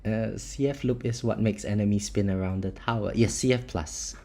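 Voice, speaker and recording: A young man from Singapore with a mild Singaporean English accent, chatting loosely with viewers on a live stream, restarting words and laughing softly. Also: fairly low pitch, steady tone, normal speed, gravelly, soft background music. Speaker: live-streamer of a mobile tower-defense game. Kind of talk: casual live-stream chat, answering viewers.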